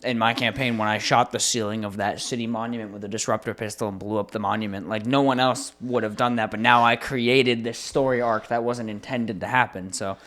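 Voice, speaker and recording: Joking male podcast co-host. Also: on the low side. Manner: relaxed, joking, quick to riff. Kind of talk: casual podcast chat.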